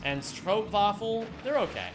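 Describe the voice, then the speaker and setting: A young man chats loosely while streaming a game, joking and giggling as he goes. His voice sits a little high and swings widely in pitch. Game music plays clearly behind him. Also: lively intonation, unhurried. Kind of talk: casual chat while speedrunning a game.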